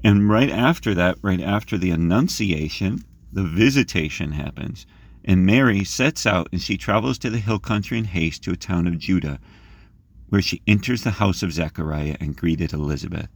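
Deep-voiced man leading guided meditation. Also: normal speed, breathy edge, dry recording. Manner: gentle, imaginative, rises in pitch when reading scripture. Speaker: prayer leader.

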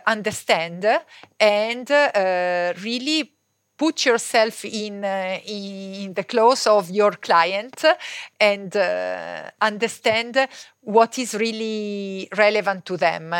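A woman with an Italian accent, a non-native English speaker, answering podcast interview questions hesitantly, with many pauses and filler sounds. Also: mid-range voice, clean tone, no room sound, clean studio sound. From Italy. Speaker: guest, fabric company co-owner.

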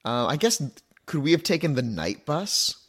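A man's voice: on the high side, very animated, moderate pace, a bit bright. A man playing a tabletop game, laid-back and joking as he speaks for his character. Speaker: player. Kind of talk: tabletop role-play.

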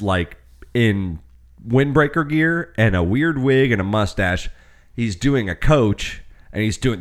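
A low-pitched young man talking loosely with his friends, stringing his story along with fillers and swearing. His voice sits on the deeper side as he rambles through the tale. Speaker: podcast co-host. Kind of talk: casual chat.

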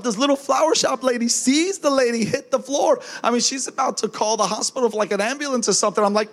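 A man preaching as a minister, telling a lively testimony story and acting out the voices of the people in it, often with a laugh. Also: extremely high pitch, fast talker, hardly any pauses. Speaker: traveling minister.

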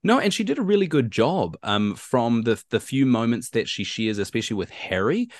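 A man co-hosting a casual podcast, talking with loose, rambling sentences and animated pitch jumps when he quotes people. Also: moderate pace, no room sound. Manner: many fillers and restarts, rambling. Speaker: podcast co-host.

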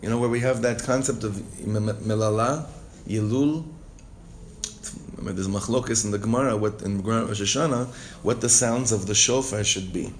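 Guy teaching a torah class, reads a line then unpacks it, gets worked up, voice climbs and gets louder. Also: fairly quick, a little hiss or hum. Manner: reads Hebrew text, then translates and explains with emotion; expressive, rises in pitch and volume when stirred. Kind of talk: text-based Torah class.

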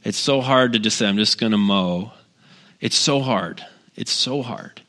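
A middle-aged pastor giving a casual, conversational sermon, telling personal stories with wry humor and lots of asides. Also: male voice, fairly low pitch, a little slow, sharp tone.

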